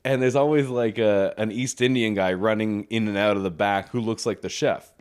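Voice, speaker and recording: A man's voice: fairly low pitch, fairly even intonation, moderate pace, darkish tone, smooth. A man from Hong Kong co-hosting a casual podcast, a bit tipsy, who tells stories with jokes and does voices. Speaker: podcast co-host. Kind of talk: casual chat.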